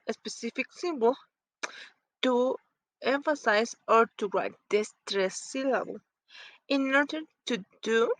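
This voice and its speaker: A woman whose first language is Spanish, explaining phonetics in halting English as she searches for words. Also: on the high side, fairly bright tone, dry recording, poor audio.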